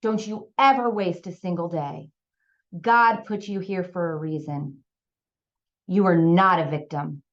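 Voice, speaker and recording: Brief: a woman as a firm, loving mother, insistent and reassuring, slightly lower voice, muffled sound. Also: unhurried. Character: firm loving mother comforting her daughter.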